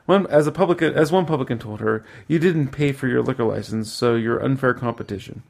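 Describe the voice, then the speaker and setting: A man with a gravelly, creaky voice at a mid pitch, hosting a relaxed chat. He rambles, stops to correct himself and laughs easily. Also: a little fast. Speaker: podcast host. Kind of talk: casual chat.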